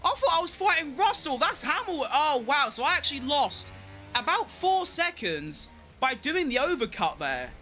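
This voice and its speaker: A young man giving excitable live commentary on his own racing game, talking to himself and chanting while he drives. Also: very high voice, normal speed, faint music behind. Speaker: gaming streamer.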